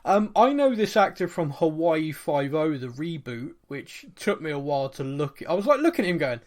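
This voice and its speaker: Chatty British man, slightly high voice. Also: very animated, normal speed. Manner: chatty, slips into mock posh voices. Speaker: podcast host. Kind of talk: casual podcast chat.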